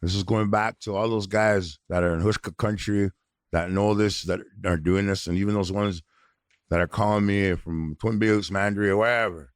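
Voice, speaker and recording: A man's voice: lowish voice, moderate pace, no room sound, clean studio sound. A middle-aged man from North Dakota, co-hosting a podcast in a heated, blunt rant full of swearing. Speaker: podcast co-host. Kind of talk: angry outspoken podcast rant.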